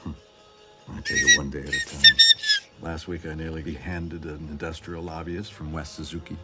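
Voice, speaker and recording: Brief: a gruff male dog, very deep, wide swings in tone, backing music. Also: wildly swooping pitch, moderate pace, full character voice. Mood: deadpan. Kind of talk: film dialogue.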